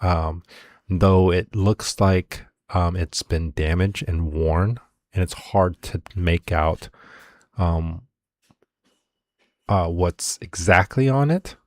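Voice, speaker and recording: A man narrating as game master of a tabletop game, slow and full of ums. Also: deep voice, darkish tone, no echo, studio quality. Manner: slow, filler-heavy narration.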